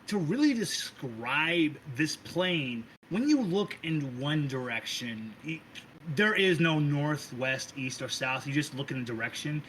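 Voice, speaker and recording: A man's voice: a little high, slight background noise, rough recording. A man narrating a tabletop role-playing game as game master, casual and profane. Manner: casual, profane, lively describing.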